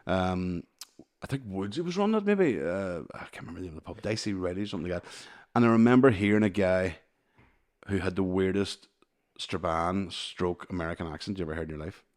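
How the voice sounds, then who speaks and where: A man's voice: low voice, animated, brisk, darkish tone. A Northern Irish man in his thirties telling stories in a casual, sweary chat, laughing often. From Northern Ireland. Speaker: podcast host.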